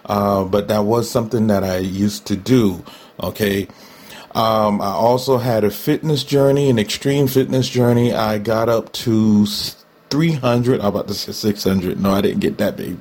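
Man, talk show host, solo monologue, candid, conversational, slightly low voice. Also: a little mellow. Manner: candid, conversational, laughs often, repeats for emphasis.

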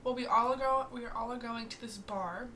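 High bright young woman chatting. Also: moderate pace, slight background noise. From Louisiana. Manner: animated storytelling with swearing and laughter. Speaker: podcast co-host. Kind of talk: casual chat.

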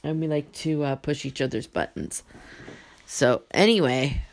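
A woman's voice: low voice, a little slow. A woman in her forties chatting casually and teasingly to the camera as a mother. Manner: playful, laughing, teasing. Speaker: vlogger, mother. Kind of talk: casual chat.

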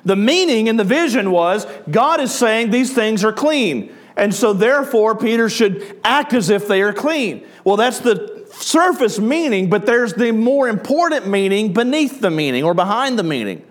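A man's voice: high-pitched, sing-song, normal speed, few pauses. A man with a Southern accent preaching a sermon as pastor, talking conversationally and putting questions to his listeners. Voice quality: conversational, asks the audience questions.

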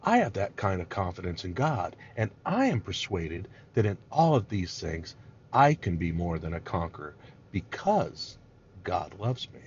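A man's voice: sits low, very animated, a little slow, a little hiss or hum. A man preaching a sermon, earnest and emphatic, sometimes acting out quoted complaints. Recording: dull lo-fi recording.

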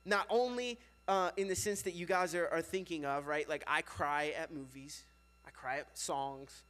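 Talking at a moderate pace, this young youth pastor with a high voice keeps things animated as he preaches to his youth group. His delivery is relaxed and conversational, full of casual fillers.

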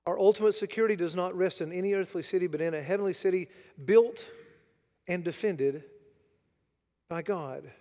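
High-voiced preacher in a big hall. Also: male voice, normal speed, long pauses. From United States. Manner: dramatic, rhetorical, swings between loud and hushed. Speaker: pastor. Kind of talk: sermon.

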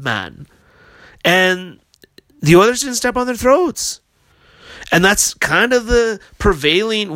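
A man's voice: a little high, sharp tone, no room sound. A man hosting a hockey podcast, ranting in a heated, profane, casual way. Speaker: podcast host.

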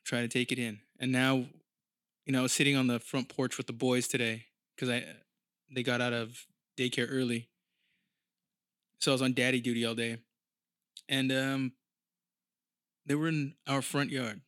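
A man in his thirties rambles through a casual podcast monologue and swears freely. His voice sits in a middle pitch. It is recorded close and dry, with no room sound. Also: level tone, moderate pace, pauses often, fairly bright tone, no room sound. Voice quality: profane, rambling storyteller. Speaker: podcast host.

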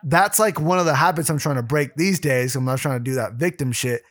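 A man's voice: mid-range voice, brisk, fairly bright tone. A man co-hosting a podcast, telling rambling, profane stories in casual chat with lots of restarts. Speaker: podcast co-host.

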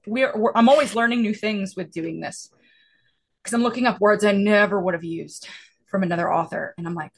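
A woman's voice: mid-range voice, brisk, breathy edge. Chatty drawling Southern woman. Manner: chatty storyteller, acting out little exchanges. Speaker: podfic narrator, interview guest. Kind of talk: casual chat.

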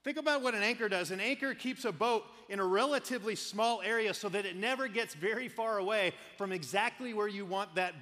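Middle-aged male pastor, high bright voice, animated storyteller, big hall reverb. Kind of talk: sermon.

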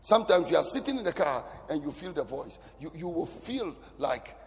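A pastor delivers a sermon in a somewhat raised voice that booms out and then sinks almost to a whisper. His words ring on with the long reverb of a large church hall. The man keeps his congregation close with constant shifts in force. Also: normal speed. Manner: animated preaching, sudden loud rises and drops to near whisper.

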